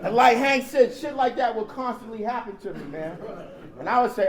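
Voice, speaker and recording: High-voiced man, animated comic storyteller, sharing at a recovery convention in a reverberant hall. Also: normal speed. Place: large convention hall with audience. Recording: echoey hall with audience laughing. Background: crowd laughing.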